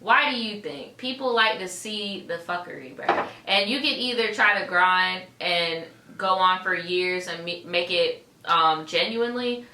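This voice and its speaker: A woman's voice: on the low side, measured pace, hardly any pauses, sharp tone. Blunt young woman podcast co-host, echoey room. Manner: blunt, profane, mimics people in a breathy sympathetic voice. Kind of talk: casual chat. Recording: echoey room, faint background noise.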